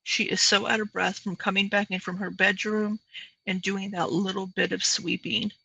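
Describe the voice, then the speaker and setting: Woman host, sarcastic commentator; gravelly and husky, close and dry sound. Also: medium pitch, level tone, moderate pace, bright, forceful tone, dry recording, low-quality recording.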